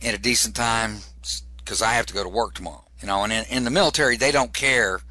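A stand-up comedian telling a story in an interview, animated and repeating words for comic effect. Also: male voice, lowish voice, fast talker, no echo.

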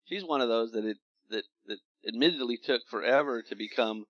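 Man, podcast host, mid pitch, dry close sound, relaxed agreeable chat. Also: brisk, no room sound, muffled recording. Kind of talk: casual chat.

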